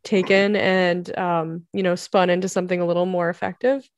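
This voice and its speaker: A woman's voice: fairly low pitch, level tone, moderate pace, no echo, studio quality. A woman hosting a podcast in casual chat, laughing often and steering the talk along. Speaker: podcast host.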